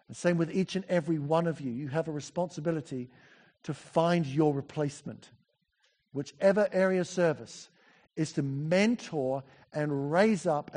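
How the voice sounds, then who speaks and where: A man preaching a sermon in a church, chatty and animated, full of asides and self-corrections. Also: fairly high pitch.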